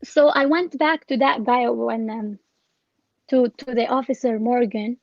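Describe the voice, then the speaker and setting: A woman's voice: fairly high pitch, fairly even intonation, a little slow, dry recording, dull audio. Hesitant woman telling of a scam. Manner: hesitant, many restarts and fillers. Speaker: scam victim interviewee. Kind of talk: recounting her experience in an interview.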